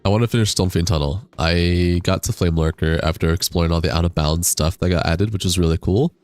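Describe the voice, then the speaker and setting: A man's voice: deep voice, fast talker, a little mellow, no echo. A man live-streaming a game on a desk microphone, chatting casually, reading chat aloud, laughing and swearing now and then. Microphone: desk USB microphone.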